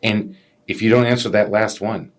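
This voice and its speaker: A man co-hosting a casual business podcast, an animated storyteller who acts out customers' voices. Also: lowish voice, moderate pace. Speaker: podcast co-host, business owner.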